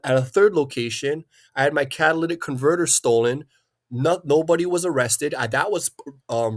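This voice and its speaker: A man hosting a livestream, ranting in an agitated, profane way and often repeating himself. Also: mid-range voice. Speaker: livestream host. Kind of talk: angry livestream rant.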